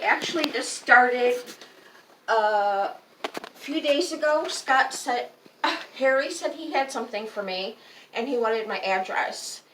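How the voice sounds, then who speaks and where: A woman's voice: fairly high pitch, a bit bright. A woman telling a personal story to her viewers in a casual, rambling way, often correcting herself mid-sentence. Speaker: vlogger. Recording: echoey room, distant mic, faint noise.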